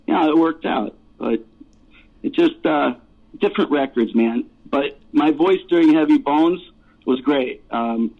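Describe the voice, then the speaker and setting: A man talks over a thin, phone-like line at an ordinary middle pitch. He is a rock vocalist swapping loose, rambling road stories in a relaxed interview, laughing often and swearing freely as he goes. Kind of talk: casual storytelling interview.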